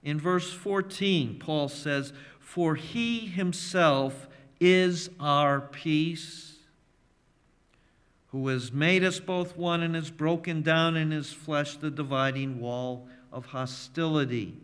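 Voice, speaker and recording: A man preaching a sermon as pastor, emphatic and measured, leaning on repeated phrases. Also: a little high, a bit bright, clear, resonant tone. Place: church sanctuary. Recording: long reverb of a church hall.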